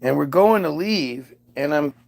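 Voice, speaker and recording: A man's voice: fairly high pitch, expressive, unhurried, vocal fry. A father casually telling a personal story, aggrieved and profane, with many restarts.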